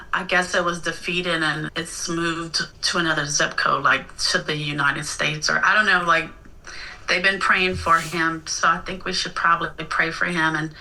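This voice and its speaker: Bright earnest woman, off-mic. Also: deep voice, far from the mic, poor audio. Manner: earnest, rambling. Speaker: caller on a live show.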